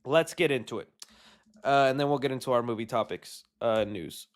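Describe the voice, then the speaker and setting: A man giving a casual solo show review, animated, slangy and chatty. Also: medium pitch, normal speed.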